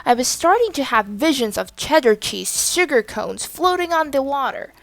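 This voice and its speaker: A woman narrating a children's audiobook, reading aloud expressively and deliberately. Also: high voice, sing-song, vocal fry, no echo. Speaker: storybook reader.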